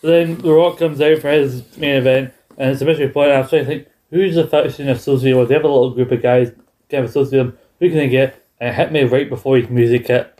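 A man co-hosting a casual chat show, telling stories in an animated way, acting out lines and laughing often. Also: medium pitch, fast talker. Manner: animated storyteller who acts out quotes and laughs often. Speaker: podcast co-host. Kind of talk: casual chat recapping wrestling.

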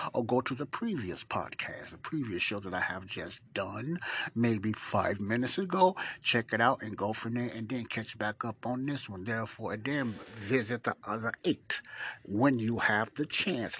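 A man teaches scripture on his own podcast in an informal, rambling way, restarting sentences and calling out loud, high greetings to his listeners. His voice sits low and has a husky edge. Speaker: podcast host, Bible teacher. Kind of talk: casual Bible-study podcast.

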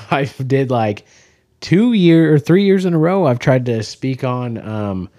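A man's voice: medium pitch, lively intonation, measured pace, dark tone, no echo. A man from Kansas with a slight Kansas accent, a guest brewer chatting loosely on a podcast and swearing freely. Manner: loose, swears freely, jumps between thoughts. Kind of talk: casual podcast chat.

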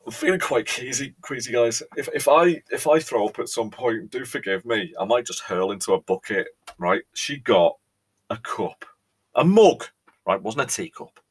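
A man's voice: mid-range voice, breathy edge. A British man hosting a podcast, delivering a theatrical, mock-outraged monologue that keeps checking in with "right?". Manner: theatrical, exasperated, pausing, repeats "right?". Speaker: podcast host.

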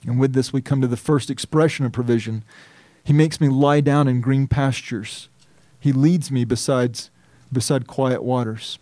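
A man preaching a sermon as pastor, reading scripture in a measured, earnest and emphatic way. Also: medium pitch, warm tone, dry recording.

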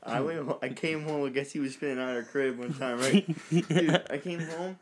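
A young man telling a casual story to friends, low-key, opening his lines with "dude". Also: moderate pace, slight background noise.

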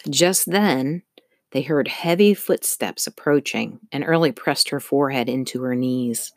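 A woman narrating a novel in a steady, measured storytelling manner. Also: very deep voice, dry recording, studio quality. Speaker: audiobook narrator. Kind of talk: scripted narration.

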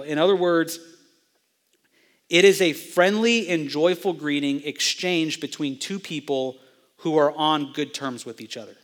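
A young male pastor preaches an expository sermon to students, his voice sitting a little high for a man. He teaches step by step and turns to ask the listeners questions. The sound rings out with long reverb, as in a church hall. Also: a bit bright. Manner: teacherly, asks the audience questions.

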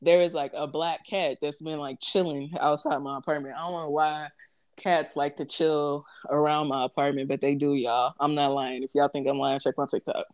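A young woman with a deep, low-pitched voice in loose, casual conversation. She tells stories in an animated way, full of fillers and asides to her listeners, and hosts the talk. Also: normal speed. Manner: animated storytelling, frequent fillers. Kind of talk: casual chat.

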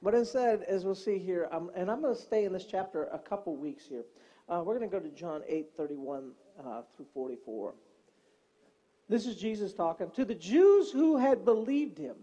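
A middle-aged male pastor preaching a sermon full of comic personal stories, in an animated, joking preacherly way. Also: high voice, moderate pace, husky. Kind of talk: humorous sermon storytelling.

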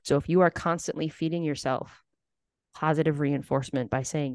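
Host, mid pitch, animated explainer who builds analogies, recorded dry. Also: moderate pace, dry recording. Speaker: podcast host. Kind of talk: casual conversation.

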